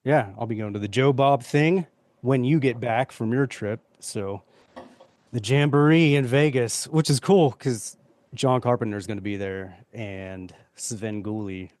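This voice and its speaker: A man hosting a podcast, chatting in a relaxed, easygoing way with fillers. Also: mid-range voice, a little slow, dry recording. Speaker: podcast host. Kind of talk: casual chat.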